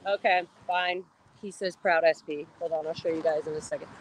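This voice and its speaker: A woman's voice: deep voice, steady tone, fairly quick, a little hiss or hum, poor audio. A woman live-streaming outdoors on a phone, chatty and playful, giggling often. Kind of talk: casual live-stream chat. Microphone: phone on a selfie stick.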